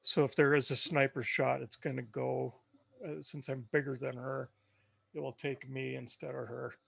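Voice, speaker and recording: A man's voice: medium pitch, level tone, normal speed, creaky, a bit bright, husky, no room sound. A man taking part as a player in a tabletop game, talking in a laid-back way.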